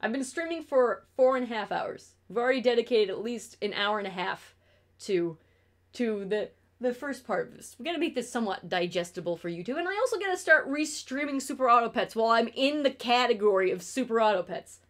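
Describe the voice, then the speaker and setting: A woman's voice: on the high side, expressive, brisk. A young adult woman streamer in casual stream chat, rambling and swearing freely.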